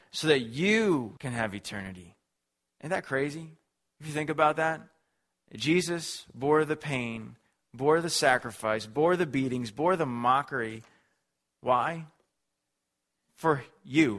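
Pastor, male, mid-pitched voice, earnest emphatic sermon delivery with repetition. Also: fairly bright tone.

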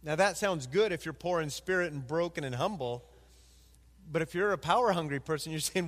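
A man preaching a sermon as pastor, animated and acting out quoted voices. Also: fairly high pitch, a little fast, big-room sound.

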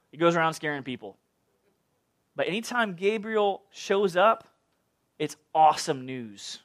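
A man preaching a sermon in a playful, animated way, full of jokes and asides. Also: sits high. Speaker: pastor.

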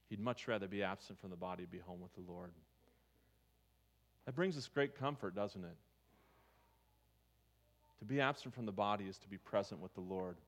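A man's voice: lowish voice, a little fast, pauses often. A man preaching a sermon as pastor, talking conversationally and asking his listeners questions. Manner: conversational, asks the congregation questions.

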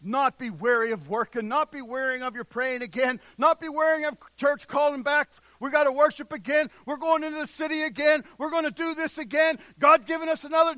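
A man preaching a sermon with fervor, drawing out the scripture he reads and swinging from shouts to hushed passages. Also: extremely high pitch, fairly even intonation, no room sound. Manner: drawn-out emphatic scripture reading.

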